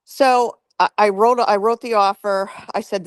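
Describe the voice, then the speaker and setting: A woman's voice: mid-range voice, fairly quick, few pauses, no echo. Woman agent telling a story, dry sound. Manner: animated retelling, acts out quotes. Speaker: real estate agent. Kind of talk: casual storytelling on a group call. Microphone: video call.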